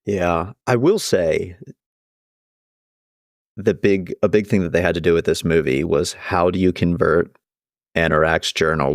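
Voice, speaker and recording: A man's voice: low-pitched, no room sound, studio quality. A man co-hosting a podcast, chatting casually and earnestly leading the discussion. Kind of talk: casual chat.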